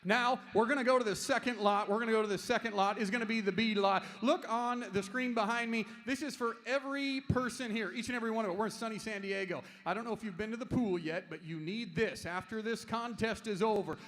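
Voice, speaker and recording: A man competing as an auctioneer, calling bids in a fast rhythmic chant on stage. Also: high-pitched, fairly bright tone. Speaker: auctioneer contestant. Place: large event stage.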